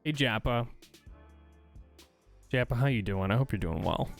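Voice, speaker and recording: A man's voice: medium pitch, normal speed, gravelly, faint music behind. A man from the United States hosting a livestream, ranting in a heated, profane, exasperated way while reading and answering chat. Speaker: streamer host.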